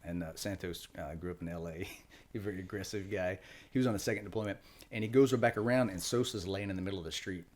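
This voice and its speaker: A man's voice: deep voice, fast talker, darkish tone. A middle-aged man, a retired Marine, recounting his experiences in a loose, matter-of-fact way with fillers and restarts. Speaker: podcast guest, retired Marine. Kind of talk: casual storytelling interview.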